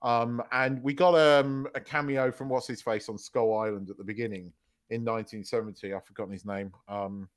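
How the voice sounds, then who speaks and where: A man's voice: medium pitch, moderate pace, clean tone. A man co-hosting a podcast, chatting casually, telling stories with lots of laughter and swearing. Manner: animated storyteller, swears freely, laughs loudly mid-story. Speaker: podcast co-host. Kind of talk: casual chat.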